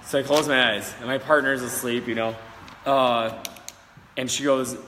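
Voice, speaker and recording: A man's voice: medium pitch, steady tone, normal speed, sharp tone. A man hosting a casual talk as a psychic medium, rambling with many fillers while telling stories and answering questions. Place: old schoolhouse in the country. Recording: long reverb, faint background noise.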